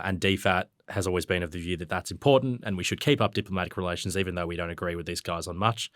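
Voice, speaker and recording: Australian man, journalist, very deep voice, dry close sound, detailed and fluent. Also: a bit bright, no echo. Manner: fluent, detailed, occasional ums and restarts. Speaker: journalist guest. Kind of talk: conversational news discussion.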